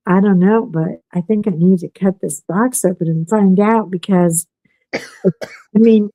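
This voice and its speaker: A woman acting out a tall, earnest young mover, voice dropped low and dead serious as he swears discretion, in a dry close recording. The tone is solemn and reassuring. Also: unhurried, mellow, dry recording, rough recording. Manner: earnest, sworn-to-secrecy tone.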